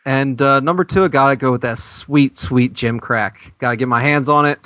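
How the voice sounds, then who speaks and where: A man's voice: medium pitch, moderate pace, dry recording, lo-fi sound. A man riffing goofily and crudely on a comedy podcast. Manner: goofy, animated, crude. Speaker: podcast regular.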